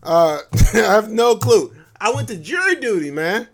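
A man's voice: high voice, very animated, measured pace. A man hosting a solo podcast, talking loosely and joking, often breaking into laughs. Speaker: podcast host. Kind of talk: casual solo podcast monologue.

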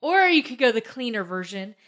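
A woman co-hosting a podcast in casual banter, teasing and quick to laugh. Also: on the high side, big pitch swings, a bit bright. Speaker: podcast co-host.

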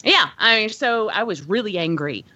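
A woman's voice: mid-range voice, animated, normal speed, bright, forceful tone, no room sound. Woman, podcast host, rambling, filler-heavy, swearing, dry, dull lo-fi. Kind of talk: casual podcast chat.

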